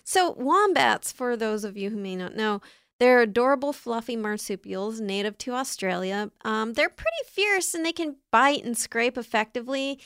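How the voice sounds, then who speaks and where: A woman's voice: fairly high pitch, lively intonation, normal speed, a bit bright, smooth, no room sound, studio quality. A young woman co-hosting a casual comedy podcast, rambling and giggly. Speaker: podcast co-host.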